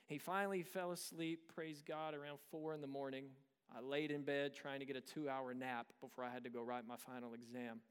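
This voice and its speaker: A man's voice: medium pitch, flat delivery, fairly quick, hardly any pauses, clear, resonant tone, in a large hall. A pastor in his thirties preaching a sermon, telling a personal story in a conversational way with rhetorical questions. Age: 30s.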